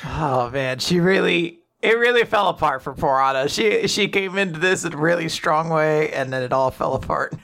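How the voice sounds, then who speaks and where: Gravelly-voiced podcast co-host, relaxed. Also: medium pitch, normal speed, hardly any pauses, slight background noise. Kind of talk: casual chat.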